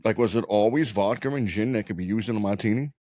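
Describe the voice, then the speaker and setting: A man co-hosting a podcast in loose, profane casual chat, often stopping and restarting his sentences. His voice sits on the low side, and the recording is close and dry. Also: darkish tone, no room sound. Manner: rambling, profane, halting restarts. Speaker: podcast co-host.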